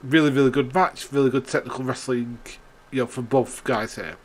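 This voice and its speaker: A man's voice: mid-range voice, steady tone, brisk. A young man giving a casual, rambling wrestling recap, often laughing and swearing, with lots of fillers and restarts. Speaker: wrestling show reviewer.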